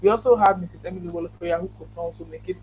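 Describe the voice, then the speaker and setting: A Nigerian man with a notably high voice delivers earnest, rambling closing remarks as host of an online conference. He restarts phrases often and keeps thanking his audience. A faint hum sits under the recording. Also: steady tone, racing, a little mellow, poor audio.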